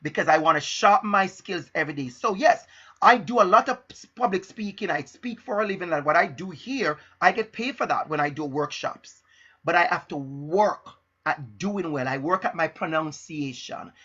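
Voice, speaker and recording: A middle-aged man giving a live-streamed motivational talk as an educator, speaking deliberately and emphatically and repeating his key phrases. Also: fairly high pitch, expressive, bright, forceful tone, slightly rough, muffled recording. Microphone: laptop and phone.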